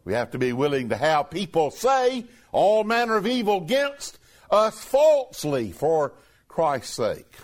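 A lively male preacher with a high voice gives an emphatic sermon, reading scripture slowly in a raised voice.

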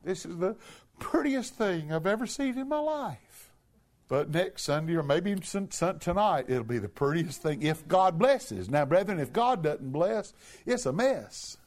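A man preaching a sermon from a church pulpit, emphatic, with big swoops up to shouted peaks. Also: sits high, big pitch swings, a little slow. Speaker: pastor.

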